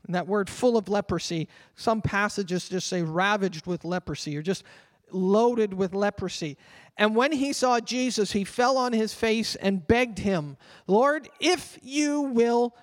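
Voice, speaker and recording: A pastor with a high voice delivers a sermon in a church sanctuary, preaching earnestly and slowing down when he reads scripture aloud. The church hall gives his voice a long reverb.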